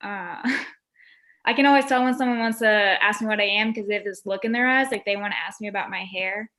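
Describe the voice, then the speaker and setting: Female comic on a video call; middle pitch, dry conversational delivery. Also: brisk, a bit bright. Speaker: stand-up comedian. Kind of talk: stand-up set on a virtual show. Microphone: computer mic on a video call.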